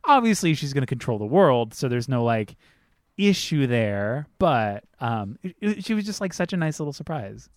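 An excitable man chatting about films, swearing casually and acting out scenes. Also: medium pitch, moderate pace, no room sound, clean studio sound.

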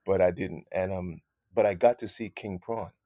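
A man with a lowish voice tells stories as an interview guest. He talks in an animated way, circles back on his own phrases and sprinkles in "man". The sound is dry and close. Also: moderate pace, no echo. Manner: animated, repeats phrases, says "man" a lot. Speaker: guest musician. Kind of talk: casual interview storytelling.

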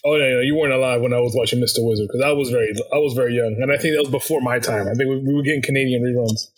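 A man's voice: medium pitch, fairly even intonation, very fast, husky. A man from the United States co-hosting a casual movie podcast, joking and rambling in asides. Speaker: podcast co-host.

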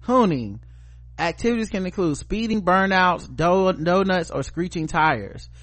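This podcast host, a man, reads news stories aloud and riffs on them with crude, casual banter, laughing often and swearing freely. His voice is high-pitched, animated and fairly bright, and he takes his time. The recording is dry.

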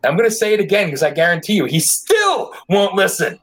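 A man's voice: high-pitched, very animated, fast talker, a bit bright. A man hosting a casual podcast chat in a joking, loose way, swearing freely. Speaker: podcast host.

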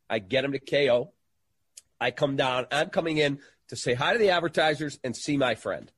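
A middle-aged man recounts a story as a guest, throwing himself into it and mimicking everyone he quotes. His voice is husky and slightly rough at the edges. The sound is dry and close, with no room around it. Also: medium pitch, brisk, no echo. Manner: animated storyteller who acts out quoted voices. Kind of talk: storytelling in an interview.

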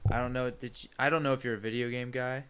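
A man's voice: medium pitch, steady tone, fast, a bit bright, smooth. A man in his twenties co-hosting a podcast, joking and self-deprecating in casual chat. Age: 20s. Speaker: podcast co-host.

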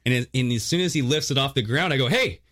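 A man's voice: medium pitch, racing. A man co-hosting a call-in show, telling a story with lots of laughs and acted-out voices. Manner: animated, acts out voices in his stories, laughs often. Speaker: podcast co-host telling a story.

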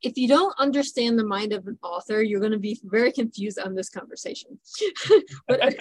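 A woman's voice: mid-range voice, moderate pace, a little mellow, no echo, poor audio. A middle-aged woman hosting a podcast interview. She is chatty and affirming with her guest. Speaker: podcast host. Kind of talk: casual interview chat.

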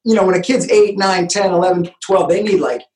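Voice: mid-range voice, a little fast, a little mellow. A parent talks casually in a mid-range voice, using many filler words and laughing along with the others. The recording picks up a roomy echo. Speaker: podcast co-host. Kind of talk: casual chat.

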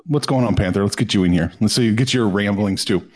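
A man's voice: lowish voice, fairly quick. A man hosting a casual sports podcast, upbeat and teasing his co-hosts. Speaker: podcast host.

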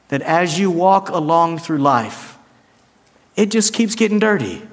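High-voiced pastor preaching in a hall. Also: male voice, expressive, unhurried. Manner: conversational, acts out quotes with shifting pitch. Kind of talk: sermon.

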